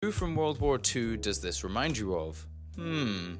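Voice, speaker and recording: A man reading scripted narration in a measured, analytical way. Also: mid-range voice, sing-song, faint music behind. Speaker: video essay narrator.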